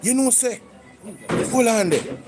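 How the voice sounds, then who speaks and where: A Jamaican man hosts a reaction stream, commenting conversationally with livestream shout-outs and lapsing into patois. His very high voice has lively intonation and a slightly slow pace, with music in the background.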